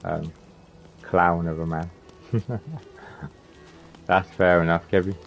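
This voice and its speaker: Deep-voiced rambling man streaming. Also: flat delivery, takes it slowly, creaky, faint music behind. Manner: rambling, chatty, talks to viewers by name. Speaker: game streamer. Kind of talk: casual live gameplay commentary. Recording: slightly muffled lo-fi stream audio.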